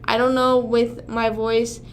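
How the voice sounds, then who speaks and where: A young woman chats loosely with her livestream audience, her voice sitting a little high. She rambles, second-guesses herself and swears freely, over a faint steady hiss. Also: slow pace. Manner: rambling, swears often, talks to chat. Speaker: livestream host. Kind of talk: casual livestream chat.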